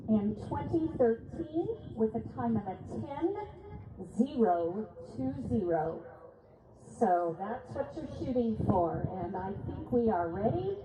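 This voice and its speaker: A woman announcing results and reading rules over an arena PA at a horseback event, measured and deliberate, apologizing when she stumbles over names. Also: fairly high pitch. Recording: echoey arena PA, phone-thin, noisy.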